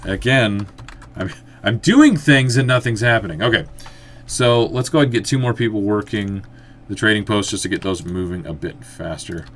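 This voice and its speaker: A man giving casual let's-play commentary, thinking aloud as he plays and breaking into excited outbursts. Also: on the low side, moderate pace. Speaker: gameplay commentator.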